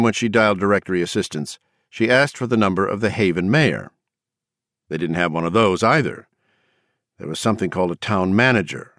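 Deep-voiced man reading a novel. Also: fairly bright tone, dry recording, clean studio sound. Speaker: narrator. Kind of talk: audiobook narration.

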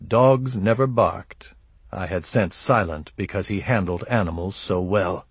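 A man's voice: low-pitched, unhurried, breathy edge, no echo. A man narrating an audiobook in first person, with a dry, laconic delivery.

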